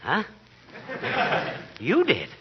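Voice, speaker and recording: An actor playing a hot-tempered, bumbling husband who sputters mild oaths, in 1940s radio comedy acting. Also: male voice, fairly high pitch, wildly swooping pitch, drawn-out words, heavily acted. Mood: exasperated. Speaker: comedy lead. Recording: lo-fi old radio recording with hiss.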